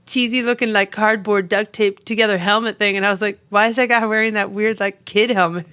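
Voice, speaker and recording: A woman co-hosting a movie podcast in casual chat, giggly and animated, telling stories with silly voices. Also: mid-range voice, brisk, smooth, dry recording. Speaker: podcast co-host.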